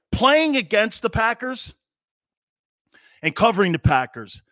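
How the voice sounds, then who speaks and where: A middle-aged man hosting a sports radio show launches into a brash, mocking, opinionated monologue, animated and full of jeering put-on voices. His voice is high-pitched, and the studio sound is clean and dry.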